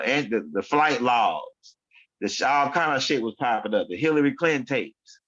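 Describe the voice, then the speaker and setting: A man's voice: mid-range voice, fairly bright tone. Rambling man with slangy street talk. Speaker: online show host. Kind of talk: casual commentary monologue. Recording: dull lo-fi sound.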